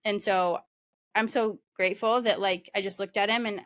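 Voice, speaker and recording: A woman's voice: mid-range voice, fairly even intonation, normal speed, a bit bright. Young woman, podcast co-host, casual chat, giggly, lots of fillers. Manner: chatty, laughs often, many fillers.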